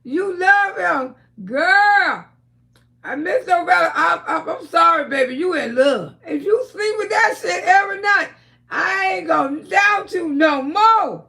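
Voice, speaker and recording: A woman hosting a casual livestream, talking loudly with frequent laughter and cursing while telling stories to her viewers. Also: very high voice, animated, a little slow, creaky. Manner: loud, laughing, storytelling with lots of cursing. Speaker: livestream host.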